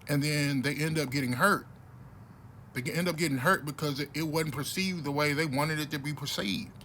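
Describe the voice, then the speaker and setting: A man talking bluntly and casually to camera in a rambling monologue, with many restarts, growing louder and heated at times. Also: fairly high pitch, fairly quick, a little hiss or hum. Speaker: vlogger.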